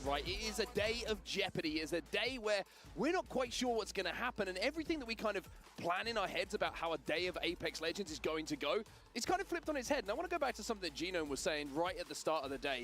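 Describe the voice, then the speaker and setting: A man casting an esports match with energetic, rising emphasis. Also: high-pitched. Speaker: esports caster. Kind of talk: play-by-play esports commentary.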